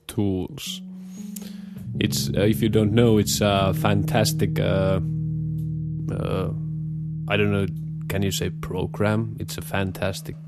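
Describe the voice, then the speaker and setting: A young man with a Scandinavian accent hosts his own show, drawling along very slowly and breaking off again and again with filler sounds. His voice sits low and deep. Guitar music plays clearly behind him. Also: flat delivery. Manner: hesitant, many filler pauses. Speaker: show host. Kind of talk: casual rambling monologue.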